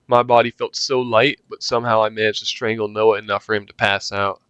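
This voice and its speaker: A man's voice: lowish voice, little pitch movement, a little fast, few pauses, a bit bright, smooth, no echo, lo-fi sound. Young man narrating a story game. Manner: casual, swearing, laughing reactions. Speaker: gaming youtuber. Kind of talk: reading a story game aloud with commentary.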